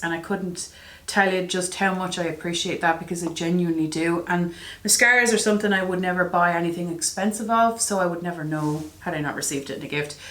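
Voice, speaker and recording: A woman's voice: lowish voice, a bit bright. Chatty woman in an echoey room. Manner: chatty, self-deprecating, exasperated asides. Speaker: beauty vlogger. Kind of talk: casual product review vlog.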